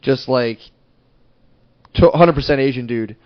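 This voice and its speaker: A man co-hosting a podcast, telling stories in an animated, profane way and laughing often. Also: mid-range voice, unhurried, muffled recording. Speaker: podcast co-host. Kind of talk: casual storytelling chat.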